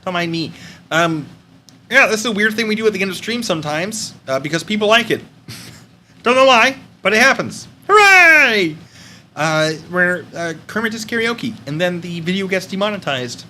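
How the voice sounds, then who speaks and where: Kermit, a high, lively frog voice. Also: male voice, normal speed, a little hiss or hum. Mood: chirpy. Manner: chirpy, self-mocking banter, then singing a sea shanty. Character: Kermit-style male frog, cheerful and chatty. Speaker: streamer doing a character voice. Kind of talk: livestream character voice and karaoke.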